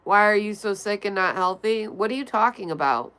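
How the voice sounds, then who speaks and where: A woman on a livestream works through her chat, reading messages out and answering them in a blunt, offhand way. Her voice is smooth and clean, sitting in a middle register. She pauses now and then to vape between remarks. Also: mid-range voice, expressive, a bit bright. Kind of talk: casual chat reading viewer comments.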